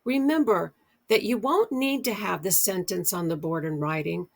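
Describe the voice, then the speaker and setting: Slow, gravelly-voiced woman teacher. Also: mid-range voice. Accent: American. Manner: slow, deliberate, drawn-out example words. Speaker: literacy educator. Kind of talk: instructional explainer.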